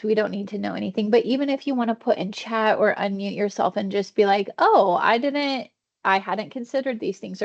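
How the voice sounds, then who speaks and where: Gravelly woman leading a video call training. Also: mid-range voice. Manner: warm conversational teaching, acts out inner thoughts. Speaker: wellness trainer. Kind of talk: virtual training session. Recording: dull lo-fi video call audio.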